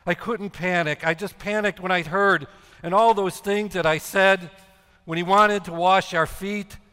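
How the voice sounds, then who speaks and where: A man playing Simon Peter, an anxious, guilt-ridden middle-aged apostle, in a dramatic monologue, talking in agitated, halting bursts of self-reproach. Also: sits high, fairly even intonation, pushed and bright, clear, resonant tone. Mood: anxious, remorseful. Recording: echoey hall with long reverb.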